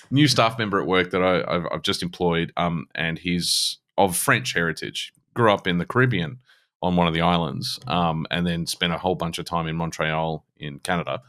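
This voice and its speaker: A man's voice: sits low, normal speed, fairly bright tone. A man, co-hosting a podcast, who tells a rambling story and laughs often. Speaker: podcast co-host. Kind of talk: casual chat.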